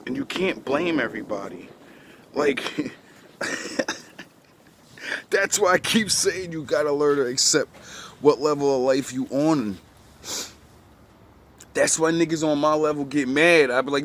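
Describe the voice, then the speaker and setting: A man's voice: on the high side, fairly bright tone, a little hiss or hum. A man in casual chat, telling a rambling story full of profane street slang.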